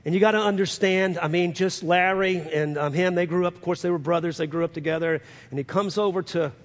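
A man's voice: high voice, steady tone, a little fast. Preacher man in a reverberant hall. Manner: earnest, builds to loud fervent peaks. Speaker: pastor. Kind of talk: sermon storytelling.

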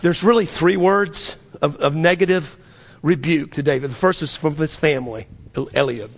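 A male pastor preaching with a high, gravelly voice. He swings between loud, drawn-out exhortation and low, quiet asides, acting out the people in his stories. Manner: preaching with dramatic swings, quoting figures in voices. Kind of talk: sermon.

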